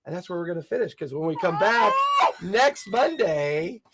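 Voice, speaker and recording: A man's voice: high voice, lively intonation, normal speed, heavy background noise. A man narrating a tabletop game as game master, describing scenes vividly and laughing often.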